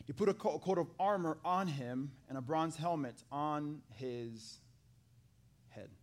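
A man preaching a sermon to a live congregation, acting out the scripture dialogue in an animated way and talking with the people in the pews. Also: on the high side, unhurried. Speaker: pastor. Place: church hall with a live congregation.

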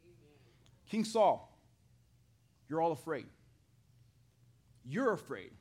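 Lively high-voiced preacher. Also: male voice, slow. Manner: animated, acts out the scripture dialogue and talks to the congregation. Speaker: pastor. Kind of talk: sermon. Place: church hall with a live congregation.

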